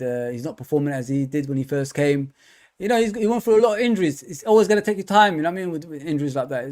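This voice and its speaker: Male fan host, live match review, casual and rambling, slightly high voice. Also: a little mellow. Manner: casual and chatty, with many fillers and repeats. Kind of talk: live football review stream.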